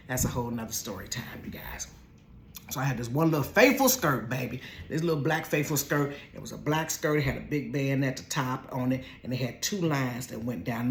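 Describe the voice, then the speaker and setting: This storytelling vlogger is a woman from Ohio with a very deep voice, recounting a storytime from her bedroom. She chats casually and directly to her viewers, calling them "y'all" and "honey," and swings from hushed asides to loud, laughing outbursts.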